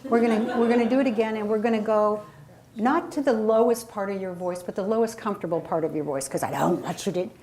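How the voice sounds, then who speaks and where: A woman coaching a live group on voice, speaking energetically and dropping into sudden high and low demonstration voices. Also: quick pace, darkish tone. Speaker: voice and presentation coach. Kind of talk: workshop talk to a live audience.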